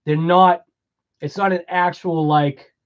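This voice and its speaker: A man's voice: sits high, steady tone, takes it slowly, highs cut off. A man with a Boston accent hosting a casual livestream, chatting with viewers, laughing often and rambling through explanations. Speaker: livestream host.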